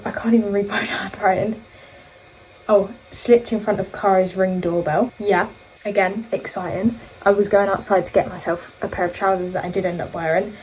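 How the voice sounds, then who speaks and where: A woman's voice: mid-range voice, fairly even intonation, moderate pace, a little mellow, low-quality recording. A young woman vlogger telling a long story in casual chat, rambling and correcting herself as she goes. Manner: rambling, self-correcting, chatty.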